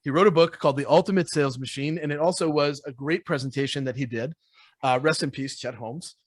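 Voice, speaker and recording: A man's voice: on the high side, fast, no echo, studio quality. A man who trains salespeople, talking in a casual interview and acting out phone calls, laughing often.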